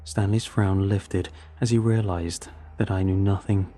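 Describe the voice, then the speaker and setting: Male narrator, husky low voice, measured tense storytelling. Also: steady tone, warm tone, faint music behind. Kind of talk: first-person story narration.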